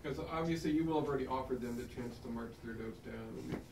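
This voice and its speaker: Brief: brisk man clinician, mid-pitch voice, room recording with steady hiss. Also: reverberant, recorded from a distance. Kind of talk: group discussion.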